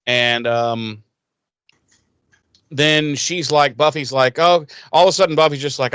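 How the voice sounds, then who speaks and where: Dude recapping an episode, swears a lot, rambles, goofy voices for the characters, dry close sound. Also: male voice, medium pitch, normal speed, a bit bright, clean tone, no echo. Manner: profane, rambling, acts out characters' lines in silly voices. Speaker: podcast co-host recapping an episode. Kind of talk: casual crude recap chat.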